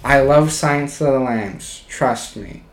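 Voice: medium pitch, measured pace. Laid-back podcast co-host, roomy sound. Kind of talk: casual chat. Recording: roomy echo, faint noise.

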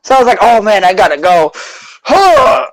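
A man co-hosting a podcast, telling stories in casual chat with a relaxed, self-deprecating manner. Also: high voice, quick pace, rough recording. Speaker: podcast co-host.

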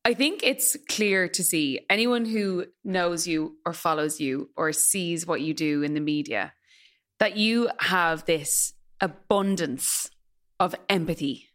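A woman interviewing a guest, emotional and halting as she searches for her words. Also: lowish voice, fairly bright tone.

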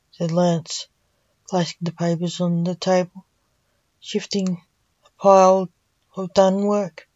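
A woman reading a fantasy story aloud in a plain, unhurried way, on a dull recording. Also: lowish voice, level tone, mellow, no echo. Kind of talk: reading her own fan story aloud.

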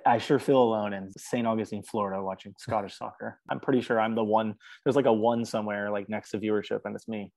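A man's voice: on the low side, fairly even intonation, fast talker, creaky, few pauses, darkish tone, dry recording. A man, a musician guest on an interview podcast, talking in an earnest, chatty way and laughing often. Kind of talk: casual interview chat.

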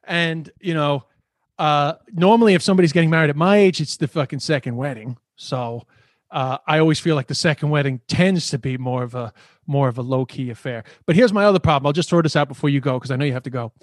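A man's voice: a little high, fast, no echo, clean studio sound. A man hosting a podcast, chatting casually, swearing a lot and ranting with energy. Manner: swears constantly, animated ranting. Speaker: podcast host.

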